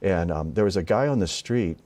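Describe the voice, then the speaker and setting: Earnest, warm-voiced male minister. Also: sits low, animated. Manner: earnest, halting, with many restarts. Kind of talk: sermon-like storytelling in an interview.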